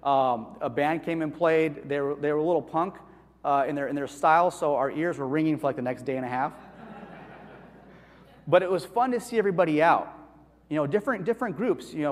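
A man preaching in a church hall, his voice sitting noticeably high for a man. He talks to the congregation in an animated, conversational way and keeps asking them questions. A long reverb tail hangs behind every phrase. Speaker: pastor. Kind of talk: conversational sermon.

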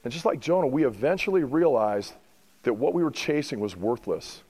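A middle-aged male pastor preaching a sermon, building to emphatic rhetorical questions and then easing into softer, reflective passages. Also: mid-range voice, lively intonation, a little fast, husky, in a large hall, rough recording.

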